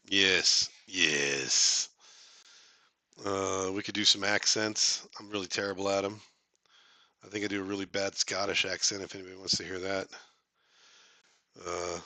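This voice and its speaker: A man's voice: sits low, a little slow, gravelly, long pauses, sharp tone, dry recording. A man hosting a casual live stream, chatting with viewers in a rambling, joking way, full of fillers and restarts.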